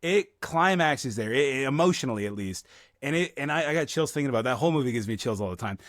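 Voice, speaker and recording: A man co-hosting a casual film podcast, talking in a rambling, profane way and slipping into quick impressions of movie scenes. His voice sits at a middle pitch and is recorded dry and close. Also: animated, no echo. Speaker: podcast co-host. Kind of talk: casual film review chat.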